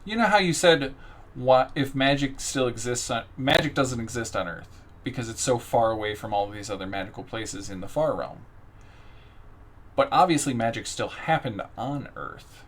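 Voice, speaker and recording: A man's voice: mid-range voice, normal speed, a bit bright. Casual man running a tabletop game. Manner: casual, joking asides. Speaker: game master.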